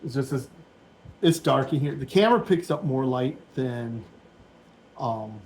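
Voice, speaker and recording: Man in his forties, relaxed build-along vlogger, chatty and meandering, average-pitched voice, dim room at home. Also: a little slow, slight background noise, low-quality recording. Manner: rambling, thinking aloud, easygoing. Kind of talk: casual build commentary.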